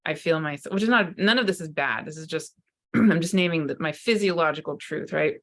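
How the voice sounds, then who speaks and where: A psychotherapist and spiritual teacher speaks to camera in an unscripted spiritual talk, earnest and searching, often restarting her sentences. Her voice sits low and brisk, with a fairly bright tone.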